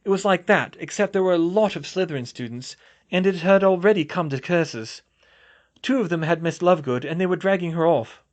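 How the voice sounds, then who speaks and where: A man's voice: high-pitched, voice pushed up, close to an everyday voice. Man voicing a tearful rambling woman teacher. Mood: rattled. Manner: rambling, halting, broken sentences. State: sobbing.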